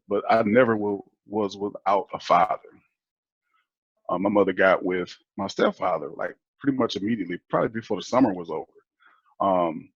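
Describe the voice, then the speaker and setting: A man from Detroit, a guest on a show, telling his family story in a relaxed, rambling way with fillers and restarts. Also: low voice, slightly rough, dry recording, dull audio. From Detroit, Michigan, USA. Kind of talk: casual storytelling.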